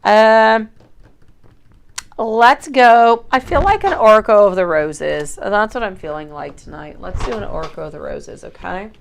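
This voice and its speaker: A woman's voice: fairly low pitch, big pitch swings, brisk, creaky, few pauses. A woman giving a chatty, affectionate livestream tarot reading and calling viewers sweetie. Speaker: tarot reader.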